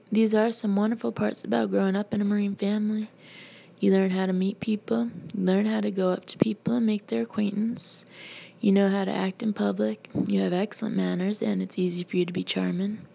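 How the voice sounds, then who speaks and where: A woman voicing a patient, soft-spoken mother in a military family, in a mellow, husky voice. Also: medium pitch, level tone, fairly quick, lo-fi sound. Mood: soothing. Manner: gentle and soothing.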